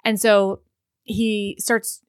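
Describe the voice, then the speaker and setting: A woman co-hosting a casual book chat, frank and animated, acting out scenes as she retells them. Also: medium pitch, drawn-out words, clean tone, no echo, clean studio sound.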